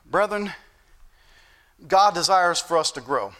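A man's voice: high-pitched, lively intonation, takes it slowly, bright, forceful tone. A middle-aged man preaching a sermon, telling stories and acting out the dialogue with rising emphasis.

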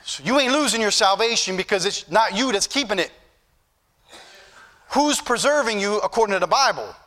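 A man's voice: high voice, animated, moderate pace, pushed and bright. A man preaching a sermon as pastor, folksy and joking at times, then building to emphatic points. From northern United States.

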